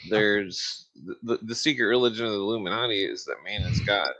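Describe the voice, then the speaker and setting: A man with a lowish voice talking at length on a podcast, his sentences looping and restarting as he goes. He keeps pressing on over the other speakers. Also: brisk, pushed and bright, highs cut off. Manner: rambling, restarts often, talks over others. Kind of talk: casual podcast chat.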